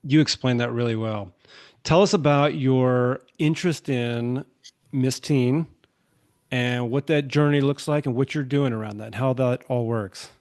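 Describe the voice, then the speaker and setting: A man hosting an interview, asking questions in a measured, encouraging way. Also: mid-range voice, darkish tone. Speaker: host.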